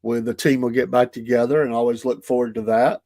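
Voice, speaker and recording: A man's voice: mid-range voice, flat delivery, brisk, a little mellow, no room sound. Chatty male morning show co-host, dry sound. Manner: chatty, hesitant with frequent uhs. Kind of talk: casual morning show banter.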